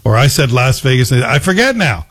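A man's voice: mid-range voice, big pitch swings, brisk, fairly bright tone. A man hosting a morning talk radio show, chatting casually and sharing bits of trivia.

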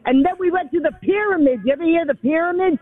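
A woman's voice: very high voice, fast talker. A woman in her eighties from the Bronx, calling in to a radio show and chatting on, often repeating the host's name. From the Bronx, New York. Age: 80s. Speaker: phone-in caller. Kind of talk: casual phone chat. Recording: tinny phone line.

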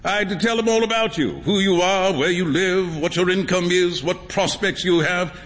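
A man's voice: sits high, moderate pace, fairly bright tone, pitched above the performer's own voice. A man voicing an exuberant, theatrical painter who speaks in an emphatic, exclaiming way. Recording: long hall reverb.

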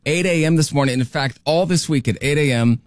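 A man's voice: fairly high pitch, fairly quick, dry recording. A man hosting a morning radio show in casual chat, joking and explaining contest rules. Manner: jokey, chatty, explaining rules.

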